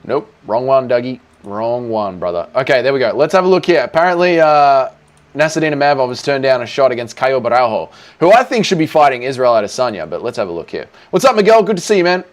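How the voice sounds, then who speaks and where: A man's voice: mid-range voice, lively intonation, fast. An Australian man hosting a livestream Q&A, reading chat in a crude, casual way with lots of swearing. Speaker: streamer host.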